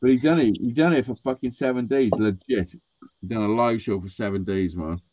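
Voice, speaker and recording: A man's voice: on the low side, normal speed, a little hiss or hum. A man telling a rambling, sweary story in casual podcast chat, acting out what people said. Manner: sweary, animated, acts out quotes. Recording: dull lo-fi sound.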